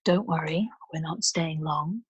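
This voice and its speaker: A woman voicing an insolent, laid-back male river traveller who talks low and dismissively, half whispering. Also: unhurried, breathy edge, no echo, dull audio, exaggerated voice.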